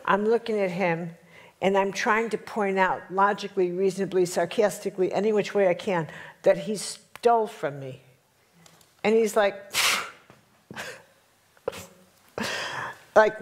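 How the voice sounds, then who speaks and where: Woman, spiritual workshop teacher, animated storytelling, mid pitch, talks to a live audience. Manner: animated, storytelling, addresses audience with rhetorical checks.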